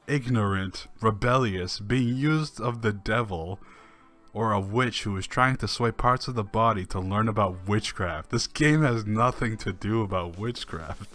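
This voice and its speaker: A man with a fairly low voice reads forum posts out loud, then answers them with dry, sarcastic remarks. He chuckles now and then between the quotes. Soft background music runs underneath. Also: measured pace. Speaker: online commentator. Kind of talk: reading forum posts aloud with sarcastic commentary.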